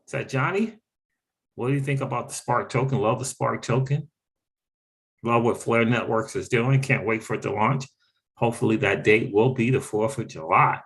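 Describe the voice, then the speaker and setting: A man hosting a casual livestream, animated and exclaiming, repeating phrases for emphasis and greeting viewers from the chat. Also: medium pitch, a little slow. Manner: reads out and thanks chat viewers. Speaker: crypto livestream host.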